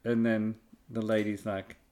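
A man's voice: fairly low pitch, little pitch movement, measured pace, darkish tone. A man co-hosting a casual podcast chat, chatty and stammering at times. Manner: chatty, stammers, acts out quotes. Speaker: podcast co-host.

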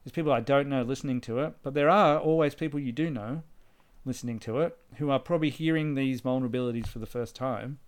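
A man hosting a podcast in casual chat, rambling with restarts. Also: medium pitch. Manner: chatty, rambling, with restarts and laughter. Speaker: podcast host.

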